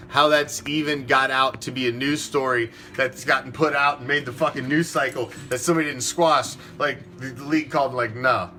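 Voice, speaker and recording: Sharp-voiced man ranting with profanity. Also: mid-range voice. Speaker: fan podcast host. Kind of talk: opinionated sports talk rant.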